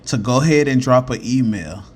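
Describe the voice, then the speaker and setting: A man's voice: medium pitch, brisk, breathy edge. Blunt, profane podcast co-host man. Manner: blunt, reactive, laughs often, swears. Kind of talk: casual podcast chat.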